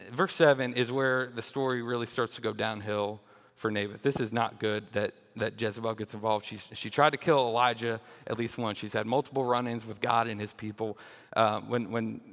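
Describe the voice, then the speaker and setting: Young male children's minister preaching a jokey, animated sermon, mid pitch, hall reverb. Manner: lively, jokey, often repeats words when restarting.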